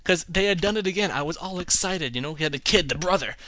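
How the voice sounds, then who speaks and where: A man in a casual opinion vlog, reviewing films with animated, exasperated ranting and putting on voices for others. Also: a little high, quick pace, no room sound. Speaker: film reviewer.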